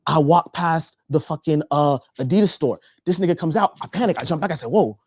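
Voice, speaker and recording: A young man from Texas doing stand-up comedy, telling a story in an animated, profane way. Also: on the high side, fairly quick, no room sound, studio quality. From Texas, USA. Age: young adult.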